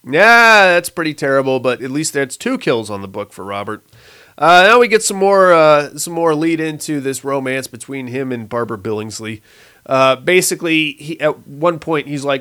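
A young man with a slightly high voice talks through a horror episode in a loose, joking way. He chuckles at the story and stays casually sarcastic throughout. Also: animated, moderate pace, pushed and bright, clean tone. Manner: sarcastic, laughs at the plot, acts out characters' lines. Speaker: episode recap commentator. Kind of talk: casual comedic plot recap.

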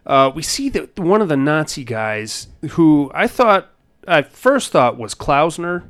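A man's voice: fairly high pitch, very animated, a little slow, a bit bright. A man hosting a casual chat, recapping a movie in a rambling, laid-back way and swearing freely.

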